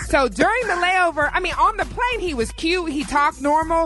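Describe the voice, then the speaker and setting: A woman co-hosting a radio talk show, expressive and emphatic in casual banter. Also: very high-pitched, normal speed. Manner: expressive, emphatic, laughs often.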